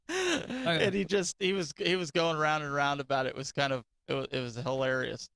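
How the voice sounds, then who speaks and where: A man's voice: fairly high pitch, moderate pace, gravelly, a bit bright, no room sound. A male podcast co-host and father of two, chatting casually and laughing easily as he tells stories. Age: adult father of two.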